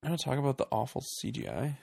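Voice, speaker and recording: A man's voice: medium pitch, wildly swooping pitch, rapid-fire, vocal fry, a little mellow, no echo, studio quality. A man hosting a casual movie podcast, wry and jokey in his commentary. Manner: wry, jokey, slips into mock voices. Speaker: podcast host.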